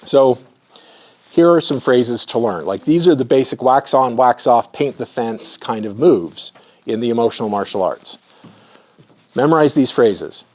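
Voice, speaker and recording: Middle-aged male presenter, average pitch, anecdotal teaching style that keeps checking in with the audience. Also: expressive, measured pace, a little mellow. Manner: storytelling, often checks in with the audience. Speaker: clinical supervisor and presenter. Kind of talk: conversational lecture with anecdotes.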